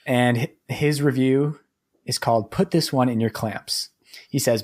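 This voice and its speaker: A man's voice: medium pitch, measured pace, a little mellow. A man from New Hampshire, co-hosting a podcast in easygoing chat, laughing often. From New Hampshire, USA. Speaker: podcast co-host. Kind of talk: casual chat.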